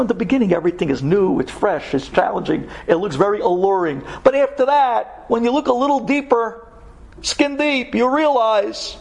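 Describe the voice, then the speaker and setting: Male storyteller, high husky voice, animated, hushed to shouted. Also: normal speed. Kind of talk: dramatic spoken storytelling.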